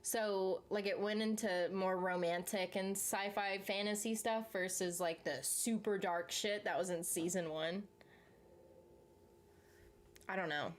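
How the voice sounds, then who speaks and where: A young woman hosting a show, chatting casually about TV series, animated, swearing freely and laughing often. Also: mid-range voice, measured pace. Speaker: show host reacting to viewer comments. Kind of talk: casual chat.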